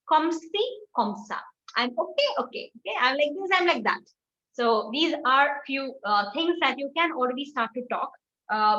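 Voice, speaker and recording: A high, bright-voiced woman with an Indian English accent leads an online French lesson. She repeats each phrase patiently and says the words slowly as a model. Her voice comes over a video call and sounds echoey and dull. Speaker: French teacher. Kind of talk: online class teaching.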